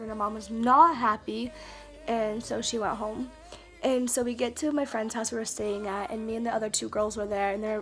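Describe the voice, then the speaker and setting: A woman telling a story to her camera in a casual vlog, chatty and stammering, with lots of fillers and restarts. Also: fairly high pitch. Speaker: vlogger. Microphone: camera mic.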